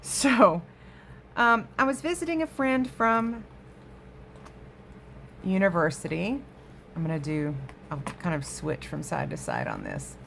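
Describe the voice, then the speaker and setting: A woman's voice: on the low side, huge pitch swings, unhurried, vocal fry, a bit bright, slight background noise. A woman hosting a crafting vlog from her home craft room, chatting casually to viewers and easily sidetracked. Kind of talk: casual show-and-tell chat.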